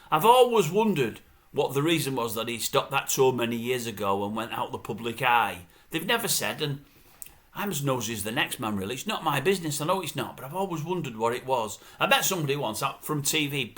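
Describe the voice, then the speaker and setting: A man's voice: medium pitch, a bit bright. A man ranting casually about showbiz news. He grumbles and mimics other people's voices. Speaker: showbiz commentary vlogger. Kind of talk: casual opinionated rant.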